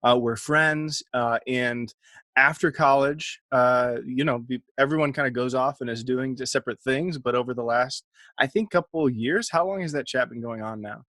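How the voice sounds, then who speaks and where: A man's voice: mid-range voice, normal speed, sharp tone, no room sound. A man co-hosting a casual podcast, rambling and self-deprecating, often laughing. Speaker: podcast co-host. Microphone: podcast mic.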